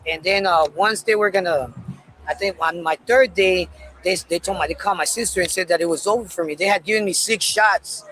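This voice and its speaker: A man casually telling a personal story in a candid, profane, animated way. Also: high-pitched, fairly quick, a little hiss or hum, poor audio.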